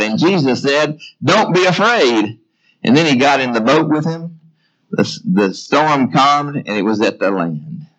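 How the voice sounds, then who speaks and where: A man preaching a sermon at a middle pitch, working his points through a repeated question and slowing down to land each key phrase. The recording is dull and lo-fi.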